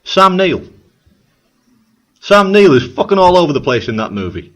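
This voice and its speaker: A man co-hosting a casual chat over a video call, sweary and excitable, often repeating himself. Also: sits high, moderate pace. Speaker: podcast co-host.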